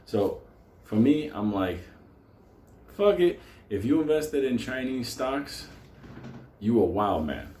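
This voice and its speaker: A man's voice: fairly low pitch, animated, takes it slowly, darkish tone. A man hosting a stock market show, delivering a profane, fired-up unscripted rant and breaking into laughter. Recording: roomy echo with faint noise.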